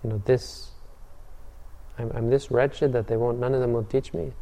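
A once-proud monk reduced to pleading, stumbling and hesitant in his words, as a man puts him on while telling a story. The voice is mellow and warm. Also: medium pitch, fairly even intonation, normal speed, gravelly, big-room sound, lightly acted. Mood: desperate.

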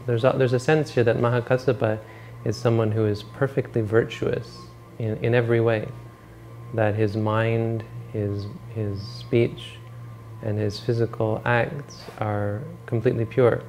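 Gravelly man telling a dharma story. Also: medium pitch, unhurried, faint music behind. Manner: relaxed, rambling, self-correcting. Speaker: meditation teacher. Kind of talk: dharma talk retelling a story.

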